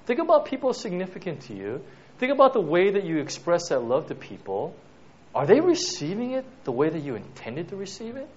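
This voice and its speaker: A man's voice: high-pitched, darkish tone, slight background noise. Male preacher, casual sermon delivery, keeps tossing in "right?", muffled lo-fi recording. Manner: peppers talk with "right?" and "you know". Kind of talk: conversational sermon. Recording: dull lo-fi recording.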